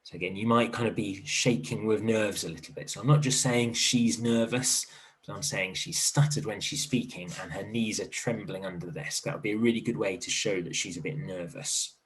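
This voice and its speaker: Speaking a little quickly in a lowish voice, this man leads a primary literacy class online, encouraging pupils kindly and voicing his thoughts as he writes.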